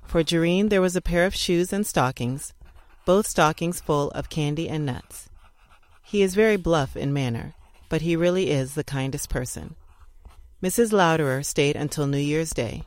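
A narrator reads old letters aloud in a measured, unhurried storytelling voice. The voice sits at a middle pitch. It is recorded close and dry, with no room sound. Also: dry recording. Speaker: audiobook narrator.

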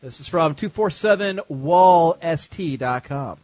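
A man hosts a casual comedy podcast with blunt, teasing banter. His voice sits a bit high and swings widely in pitch. The sound is dry and close, with no room around it. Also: expressive, a little slow, a little mellow, no echo. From United States. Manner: blunt, teasing, reads segments aloud. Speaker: podcast host.

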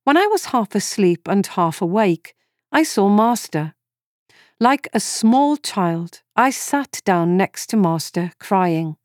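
A woman in her forties reading a first-person story in calm, measured scripted narration. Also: medium pitch, no echo, studio quality. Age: 40s.

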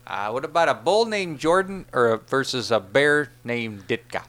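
A man's voice: medium pitch, lively intonation, moderate pace, fairly bright tone. A man co-hosting a comedy podcast, teasing and swearing in loose banter. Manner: goofy, needling, swearing asides. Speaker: podcast co-host.

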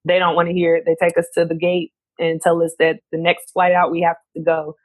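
Woman, lowish voice, animated storytelling, quick delivery, dry close sound. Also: no echo. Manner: animated, quick, acts out other people's lines. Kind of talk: casual storytelling chat.

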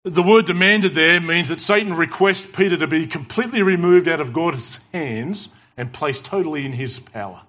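A man preaches to his congregation in a lively, emphatic storytelling style and works jokes into his points. His voice sits on the high side. The recording is dull and lo-fi, picked up on a mic in church. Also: normal speed, hardly any pauses. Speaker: pastor. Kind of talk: sermon.

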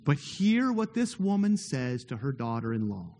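A pastor's sermon echoes with the long reverb of a big hall. His mid-range voice swings widely in pitch at a normal pace, a little mellow in tone. Earnest and emphatic, he stacks repeated phrases and rhetorical questions to drive his points home.

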